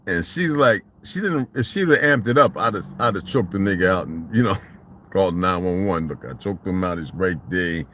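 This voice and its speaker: A man telling a story in a casual vlog monologue, animated and profane, in street slang. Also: deep voice, normal speed, a little hiss or hum. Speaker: vlogger.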